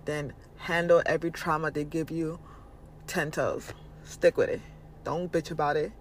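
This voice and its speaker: High-pitched guy on his podcast, blunt spiritual pep talk, swears a lot, super casual. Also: a bit bright, slight background noise. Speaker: podcast host. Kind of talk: spiritual motivational monologue.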